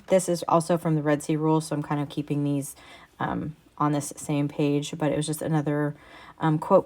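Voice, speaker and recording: A woman with a low, fairly flat voice talks through her craft project as a casual voice-over. She meanders along easily, pausing on ums and restarting her sentences. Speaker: craft vlogger.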